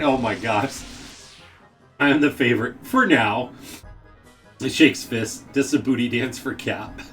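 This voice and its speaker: Lively, giggly male game streamer. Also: mid-range voice, distant mic. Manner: laughs often, excitable exclamations. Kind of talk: casual live-stream chat reading viewer messages.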